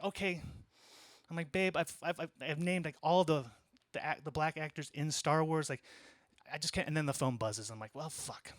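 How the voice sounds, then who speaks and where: A man in his thirties performs a stand-up set in a small comedy club, telling a long story in a bright, fairly high voice. He keeps it conversational, with deadpan asides, and the sound is dry and close on a handheld mic. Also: dry recording.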